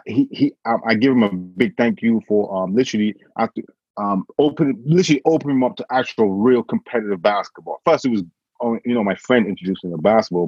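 A man from England telling a story in a casual conversation, animated, acting out what others said. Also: lowish voice, breathy edge, no echo. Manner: animated, quotes others with voice changes. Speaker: guest. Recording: dull, dry sound.

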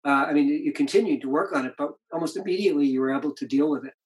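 Racing along in a slightly high voice, an older man who writes books reminisces about his marriage in an interview. His conversational anecdotes are reflective and keep restarting, and the recording quality is low.

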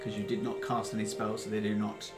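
A man's voice: on the low side, completely flat delivery, fairly quick. Man running a tabletop game, full of ums. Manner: rambling, hesitant, full of ums and uhs. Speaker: game master. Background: background music.

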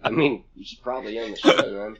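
A man's voice: on the low side, brisk, noisy background. A man co-hosting a casual podcast chat, blunt and profane, rambling from one thought to the next. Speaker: podcast co-host.

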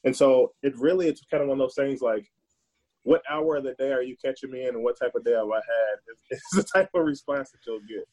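A man's voice: mid-range voice, brisk, a little mellow, rough recording. A man speaking earnestly and emphatically as a guest in a casual discussion, often repeating words as he thinks.

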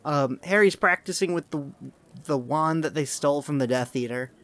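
Podcast host, casual chat, rambling and tangential, self-amused, mid-pitched voice. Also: normal speed, fairly bright tone. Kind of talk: casual chat and reading aloud.

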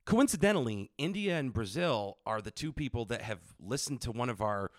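Podcast guy cracking crude jokes deadpan, lively swings in his voice, dry close sound. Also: medium pitch, fairly quick, dry recording. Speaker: podcast co-host. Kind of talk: casual crude comedy chat.

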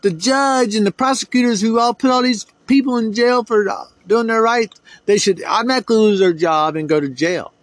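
A man's voice: high-pitched, fairly quick, dry recording. A middle-aged man from the United States, hosting a podcast and ranting in a heated, profane, rambling way. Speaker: podcast host. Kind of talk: solo podcast rant.

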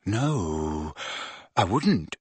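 A man's voice: medium pitch, lively intonation, fast talker, a bit bright, dry recording. A man voicing a sulky, sarcastic teenage boy who sneers and grumbles. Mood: subdued.

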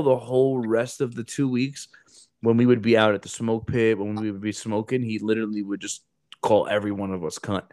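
A man's voice: fairly low pitch, a little fast, dry recording, studio quality. A young man hosting a podcast, telling a crude story casually, swearing and acting out the people he quotes. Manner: animated, swearing, acts out quotes in raised voices. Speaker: podcast host.

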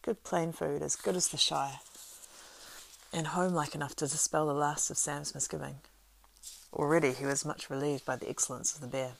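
A woman reading a story aloud as narrator, at a steady pace with small slips and restarts. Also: low-pitched, moderate pace, creaky, slight background noise, poor audio.

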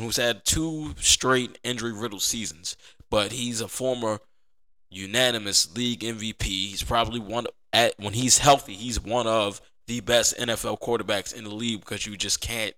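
A man's voice: fairly low pitch, sharp tone. A man hosting a sports podcast, talking casually and with energy, often repeating himself for emphasis. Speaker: podcast host.

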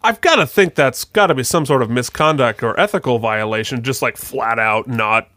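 A man's voice: medium pitch, normal speed, sharp tone, no echo. A man co-hosting a podcast, chatting loosely and jokingly about a TV show, with lots of "like" fillers. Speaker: podcast co-host. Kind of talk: casual chat recapping a TV show.

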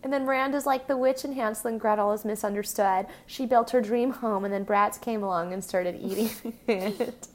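A woman's voice: mid-range voice, fairly even intonation, moderate pace, slight background noise. A young woman in her twenties co-hosting a podcast, chatting casually and giggling, with lots of "like". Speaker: podcast co-host. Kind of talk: casual recap chat.

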